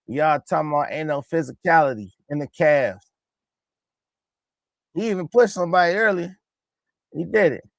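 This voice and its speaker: A man hosting a casual reaction show, talking excitedly and in slang over game highlights and repeating himself. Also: normal speed, gravelly, long pauses, dry recording. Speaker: host of a basketball reaction channel.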